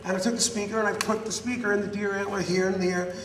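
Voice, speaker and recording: High-voiced man telling profane stories in a hall. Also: quick pace. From United States. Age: 60s. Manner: animated, profane anecdotes. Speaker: guest musician at a fan Q&A. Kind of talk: casual storytelling. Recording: echoey hall from far off, faint noise.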